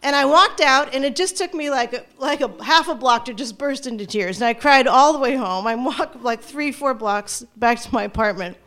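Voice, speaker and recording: A middle-aged woman telling a personal story to an audience, animated and self-mocking, often restarting her sentences. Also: high voice, moderate pace, few pauses. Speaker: storyteller, former teacher.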